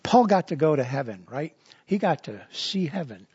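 A man's voice: on the high side, sing-song, normal speed, darkish tone, husky, dry recording, lo-fi sound. A man preaching a sermon as a pastor, in a conversational style full of repetitions and asides.

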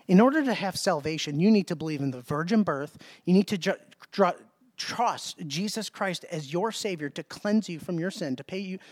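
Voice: medium pitch, a little mellow, dry recording. A preacher giving a sermon, speaking emphatically, asking rhetorical questions and repeating words.

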